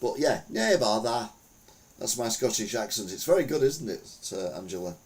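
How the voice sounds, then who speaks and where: A man's voice: lowish voice, expressive, moderate pace, a little mellow. A man hosting a podcast, chatting casually through the news with rambling, wry, self-mocking jokes. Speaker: podcast host.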